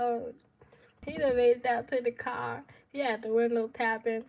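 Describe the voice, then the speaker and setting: A young woman with a fairly high voice tells a story from her own life on her vlog. She talks casually and in slang, and she turns dramatic and laughs through the tense parts. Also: flat delivery, normal speed, darkish tone. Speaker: vlogger.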